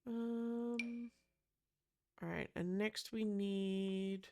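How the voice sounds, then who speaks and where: A woman's voice: mid-range voice, steady tone, drawn-out words, darkish tone. A woman chatting casually with lots of gasps and "um"s as she builds a room in a life-sim game. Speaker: Sims builder. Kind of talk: casual gameplay commentary.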